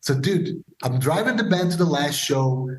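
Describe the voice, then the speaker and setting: A man as a podcast guest, telling stories casually and acting out the dialogue with lively voices. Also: on the high side, normal speed. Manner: animated, acts out quoted dialogue. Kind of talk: casual storytelling interview. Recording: roomy echo.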